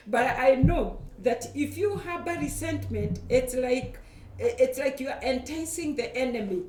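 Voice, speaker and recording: A woman's voice: sits high, expressive, a little slow, darkish tone. A woman pastor, preaching and praying earnestly to her viewers, often repeating her words. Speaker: pastor and show host. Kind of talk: preaching and prayer. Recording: echoey, distant from the mic.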